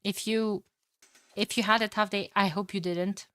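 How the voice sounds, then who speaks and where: A young woman with a Romanian accent casting a live strategy game match and chatting with her viewers, excitable and casual, with sudden loud exclamations and the odd curse. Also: medium pitch, moderate pace, no echo. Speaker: streamer casting games. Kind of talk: live game commentary and chat reading.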